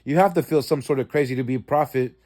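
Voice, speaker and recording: A man casually recounting a dream in a rambling, profane way, with many fillers and restarts, and he acts out quoted lines with sudden jumps in pitch. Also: fast talker, darkish tone.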